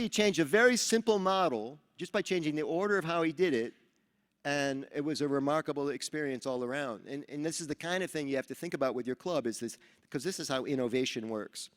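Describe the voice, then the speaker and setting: A man from New York giving a motivational talk at a seminar, telling animated stories and acting out the dialogue. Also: a little high. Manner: animated storyteller who acts out dialogue. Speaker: Rotary speaker at a training seminar. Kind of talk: motivational speech with storytelling. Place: large event hall. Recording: reverberant hall.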